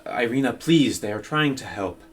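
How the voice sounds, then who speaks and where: A man voicing a weary young nobleman who speaks formally in halting, pause-filled sentences. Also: medium pitch, lively intonation, faint music behind, close to an everyday voice. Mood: grave.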